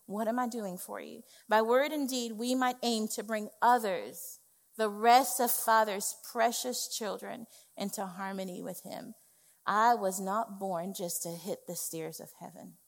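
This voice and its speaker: Woman preacher, fairly high voice, emphatic conversational sermon delivery, church hall reverb. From West Indies family. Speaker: executive pastor. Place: church sanctuary.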